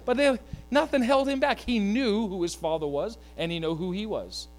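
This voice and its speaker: A man with a high voice preaches a lively sermon, cracking jokes and asking his listeners to say lines back to him. A steady mains hum sits behind his voice. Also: moderate pace. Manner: animated, joking asides, calls for congregation to repeat. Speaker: pastor.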